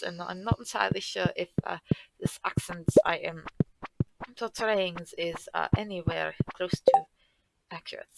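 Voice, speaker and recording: A woman's voice: lowish voice, vocal fry, very noisy. A woman streamer chatting while gaming, speaking in a put-on stereotypical German accent with stiff, formal phrasing. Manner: formal, slightly stilted phrasing. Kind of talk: casual chat while gaming.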